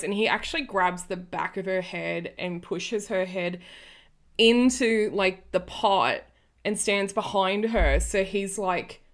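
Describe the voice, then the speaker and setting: A woman's voice: medium pitch, unhurried. A woman in her early thirties chatting casually on a podcast, telling a rambling story full of restarts. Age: early 30s. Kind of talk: casual chat.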